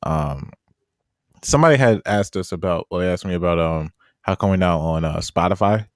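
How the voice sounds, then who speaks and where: A laid-back man co-hosts a podcast, rambling and filling pauses as he talks. His voice is fairly low. The recording is dry and close to the mic. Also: no echo. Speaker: podcast co-host. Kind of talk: casual chat.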